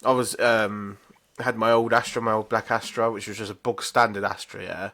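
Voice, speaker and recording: A man co-hosting a casual podcast, telling stories bluntly with plenty of swearing. His voice sits fairly low, with a bright, forceful edge. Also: flat delivery, normal speed. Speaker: podcast co-host. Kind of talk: casual chat.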